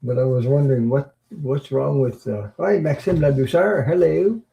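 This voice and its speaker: Gravelly, dark-voiced man chatting with viewers. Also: medium pitch, muffled recording. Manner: rambling, halting, with frequent fillers and chuckles. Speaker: tarot livestream host. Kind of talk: casual livestream chat reading viewer comments.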